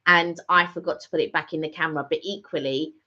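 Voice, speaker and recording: Deep-voiced and quick, a middle-aged vlog co-host speaks in a steady yet sharp tone. She chats casually and rambles with many fillers and restarts, and the recording is slightly dull lo-fi audio.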